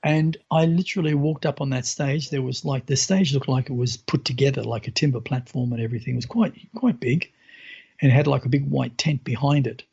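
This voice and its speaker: A man in casual talk, telling of a spiritual experience with many fillers and lively quoted voices. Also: mid-range voice, fairly quick, gravelly, breathy edge, highs cut off. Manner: animated retelling, hesitant with fillers, voices others in quotes. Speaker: guest sharing spiritual experiences. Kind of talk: casual storytelling.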